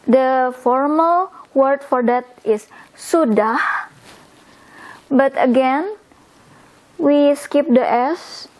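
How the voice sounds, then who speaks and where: A woman teaching a language lesson, explaining slowly and repeating words for learners. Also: high voice, darkish tone.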